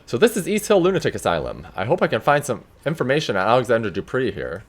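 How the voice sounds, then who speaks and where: A man's voice: mid-range voice, huge pitch swings, quick pace. A man hosting a casual gameplay video, chatting and laughing as he plays. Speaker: let's play host.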